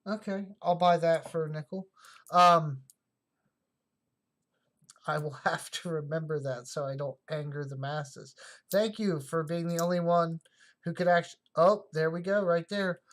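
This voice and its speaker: Unhurried, mid-pitched livestream host; casual, musing, chats back to viewers. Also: steady tone, a bit bright. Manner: thinks aloud, chatty, talks back to chat comments. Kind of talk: casual livestream chat while sorting coins.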